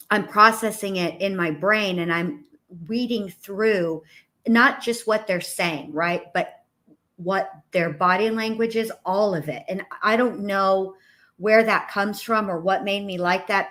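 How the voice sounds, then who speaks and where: A woman's voice: medium pitch, slow, sharp tone. A woman who hosts a YouTube channel, talking in a reflective, rambling way with frequent restarts. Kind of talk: casual conversation.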